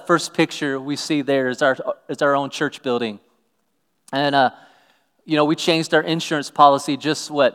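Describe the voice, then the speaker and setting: A pastor delivering a sermon in an earnest, conversational way, often restarting his sentences. His voice is fairly high for a man and smooth and resonant. The sound carries a long reverb, as in a large hall. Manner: earnest, conversational preaching with restarts and scripture reading.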